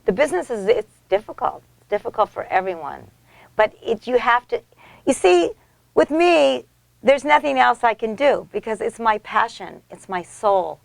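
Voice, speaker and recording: American actress in her middle years, gushing and lively, keeps restarting, dry close mic. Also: fairly high pitch, normal speed, creaky, no echo. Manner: animated and effusive, many restarts. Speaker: actress and interview guest. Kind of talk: casual storytelling in an interview.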